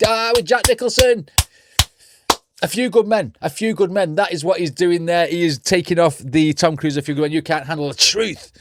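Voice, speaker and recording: A man's voice: on the high side, dry recording. A man hosting a reaction video, chatting casually and rambling while he hunts for names.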